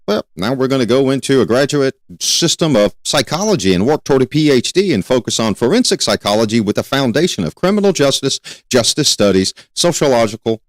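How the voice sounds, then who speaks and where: A man's voice: medium pitch, no echo. A man hosting a criminal justice lecture, talking emphatically, repeating key points and asking rhetorical questions. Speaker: criminal justice educator and show host. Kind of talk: spoken lecture to students.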